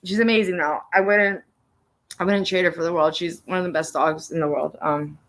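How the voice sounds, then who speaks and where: A woman's voice: lowish voice, fairly even intonation, a little fast, a bit bright. A woman hosting a casual livestream from home, talking bluntly with a lot of swearing, laughing often and turning emotional and teary at times. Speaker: livestream host.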